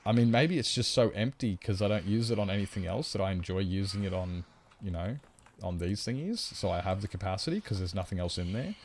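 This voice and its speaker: A man with a somewhat low, brisk voice rambles through a relaxed livestream chat, with slight background noise. He lays out his reasoning at length and responds to viewer comments as they appear.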